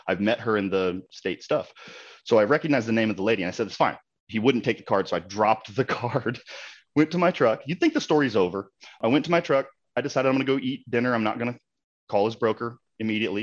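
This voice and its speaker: Fast-talking low-voiced man telling a story. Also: highs cut off. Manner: animated, heated retelling with quoted exchanges. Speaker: realtor, local board president. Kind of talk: casual storytelling.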